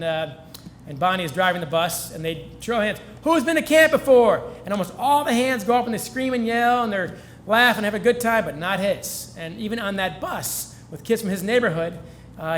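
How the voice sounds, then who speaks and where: A man's voice: high-pitched, moderate pace, a bit bright, slight background noise. A man giving a speech at a celebration, telling earnest stories and getting emotional. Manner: earnest storytelling, gets choked up. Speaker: featured speaker. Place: event hall.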